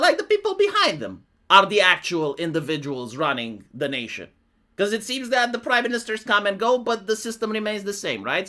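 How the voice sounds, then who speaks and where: A Romanian man with a high, sharp voice livestreams a political commentary monologue. He keeps firing off sarcastic rhetorical questions and then answering them himself.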